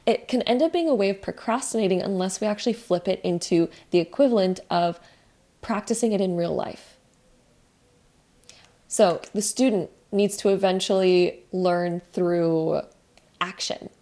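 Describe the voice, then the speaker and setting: A young woman giving a casual spiritual tarot card reading, gentle and rambling with many fillers. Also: medium pitch, moderate pace.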